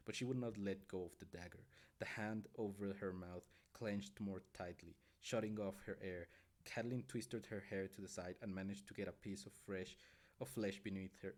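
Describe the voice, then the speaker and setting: Low-voiced man reading a novel aloud. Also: darkish tone. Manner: stumbles and corrects himself mid-sentence.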